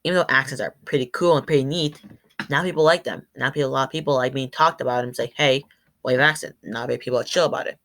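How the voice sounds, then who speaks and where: A man's voice: medium pitch, fairly even intonation, very fast, bright, forceful tone. A teenage boy giving a rambling, informal school presentation, restarting his sentences often. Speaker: student presenter.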